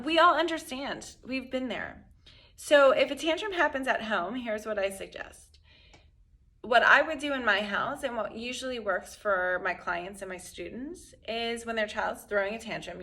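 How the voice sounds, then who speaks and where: Middle-aged mom coach talking parents thru tantrums, bright voice, kinda high, chatty. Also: female voice. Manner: conversational, acts out quotes with animated voices. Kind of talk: instructional talk to camera.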